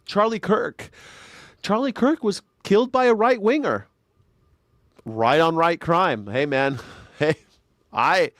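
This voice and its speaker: A man's voice: sits high, fairly bright tone, no room sound, studio quality. A man hosting a live news reaction show, talking in a sarcastic, rambling way with many stumbling restarts. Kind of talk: casual political commentary.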